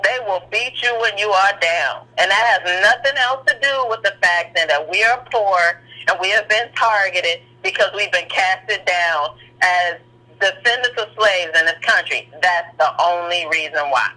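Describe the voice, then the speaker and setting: A woman's voice: mid-range voice, moderate pace, sharp tone, rough recording. A woman calling in by phone, earnestly telling a personal story and acting out the voices of the people in it. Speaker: caller. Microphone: phone line.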